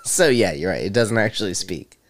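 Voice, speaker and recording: Man, podcast co-host, casual rambling chat, laughs a lot, swears, lowish voice. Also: lively intonation, a little fast, slight background noise.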